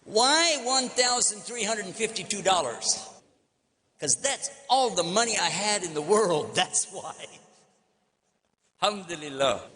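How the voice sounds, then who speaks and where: An older man with a Texan drawl delivers a folksy public lecture, spinning stories and acting out both sides of phone calls. His voice sits a little high for a man, and it rings out through a big hall with a long reverb trailing behind it. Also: animated, a little slow, pushed and bright, slight background noise. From Texas, United States. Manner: folksy storytelling, acts out phone dialogue. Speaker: Islamic preacher. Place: large convention hall.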